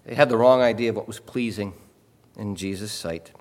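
Conversational pastor in an echoing hall. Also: male voice, fairly low pitch, fairly quick, slight background noise. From Illinois. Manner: conversational, repeats words and asks "okay?". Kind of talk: sermon. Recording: long hall reverb.

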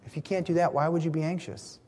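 A man's voice: on the high side, fairly even intonation, fast talker, darkish tone. A man preaching a sermon in an earnest, emphatic way, stressing key words and sometimes restarting a phrase. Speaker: pastor. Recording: long hall reverb.

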